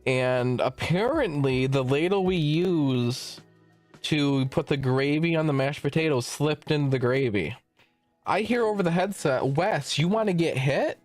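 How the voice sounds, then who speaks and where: A man's voice: a little high, animated, measured pace, no room sound, faint music behind. A young man streaming from home, telling a long work story as a casual rant, rambling and swearing as he backtracks. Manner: rambling, profane, self-interrupting.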